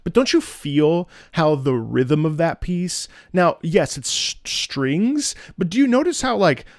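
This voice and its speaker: A man gives lively, animated music commentary with a gravelly edge to his voice. He keeps breaking into scatted melodies and restarting his sentences. Faint game music plays under a dry, close sound. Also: on the high side, unhurried, no echo. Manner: animated, scats melodies between remarks; talks in rambling restarts. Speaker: music reaction streamer.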